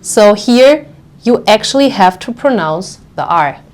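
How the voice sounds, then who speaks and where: A woman's voice: medium pitch, expressive, darkish tone. A woman teaching pronunciation in English, explaining patiently and checking in often with the listener. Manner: patient, slow, checks in with frequent "okay?". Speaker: German teacher. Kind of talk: language lesson explaining pronunciation.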